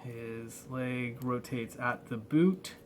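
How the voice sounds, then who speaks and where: A man talking through a toy review at an unhurried, drawn-out pace. He rambles and halts often, with plenty of fillers. A faint hiss of background noise sits behind his voice. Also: medium pitch. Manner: rambling, halting, many fillers. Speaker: toy collector vlogger. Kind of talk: casual unboxing review.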